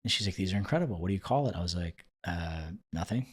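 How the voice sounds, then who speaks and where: A man in his thirties with a low voice tells a story on a podcast. He talks casually and with energy, and slips into the voices of the people he quotes. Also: rapid-fire, husky. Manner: animated, acts out quoted dialogue. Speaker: podcast guest.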